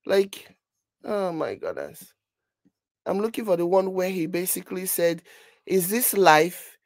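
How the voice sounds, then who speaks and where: A woman's voice: lowish voice, big pitch swings, a little slow, creaky, dark tone, no room sound. Nigerian woman vlogger, mocking commentary. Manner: mocking, exasperated, talks while scrolling. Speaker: vlogger reacting to a video. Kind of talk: casual commentary.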